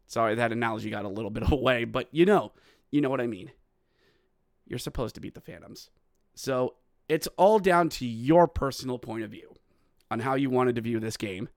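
A young adult man hosting a solo hockey podcast, mixing excited play-by-play goal calls with sardonic commentary. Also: mid-range voice, moderate pace, no echo, clean studio sound. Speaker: podcast host.

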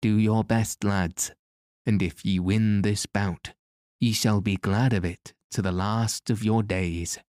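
A man's voice: on the low side, steady tone, slow, a little mellow, dry recording, clean studio sound. A man reading as a stern, angry storybook king. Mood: commanding. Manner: archaic, commanding storybook speech.

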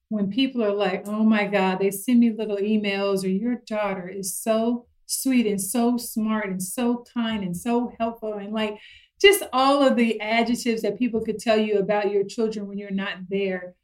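A middle-aged woman chatting casually about parenting, telling stories lively and acting out her kids' voices. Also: mid-range voice, normal speed, low-quality recording. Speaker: guest parent.

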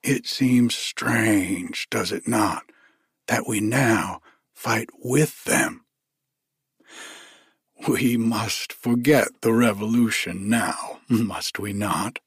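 A man voicing a white-haired old male soldier with a soft, hushed, courteous way of speaking. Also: fairly low pitch, drawn-out words, breathy edge, no room sound, clean studio sound, heavily acted. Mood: earnest.

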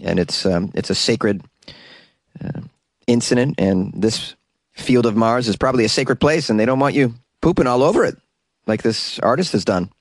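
A man hosts a comedic news podcast, reading odd stories and wandering off into joking, self-mocking tangents. His voice sits in an ordinary middle pitch. The sound is dry and close, recorded in a small closet. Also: normal speed, dry recording. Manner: joking, rambling asides with self-mocking chuckles. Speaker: podcast host.

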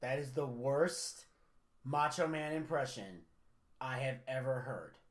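A man's voice: medium pitch, slow. A man hosting a podcast in casual chat, telling stories with lots of swearing and teasing his co-host. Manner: profane, storytelling, teasing.

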